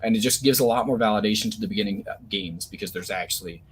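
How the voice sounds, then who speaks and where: Young guy on a podcast, low voice, talks in fits and starts, bit of room hiss behind. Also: quick pace. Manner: opinionated, hesitant restarts. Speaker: podcast co-host. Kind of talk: casual esports chat.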